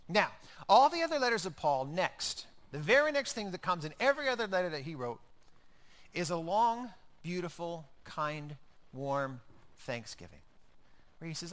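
A man delivering a sermon with a high, bright voice. He preaches conversationally and drives his points home with repeated phrases. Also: big pitch swings, moderate pace. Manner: conversational preaching with emphatic repetition. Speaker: pastor.

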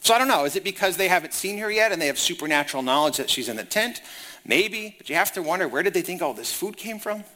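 A man preaching in a lively, conversational way, with a high voice that swings widely in pitch. His tone is bright and forceful as he walks listeners through the story. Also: fast talker. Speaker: pastor. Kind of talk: sermon.

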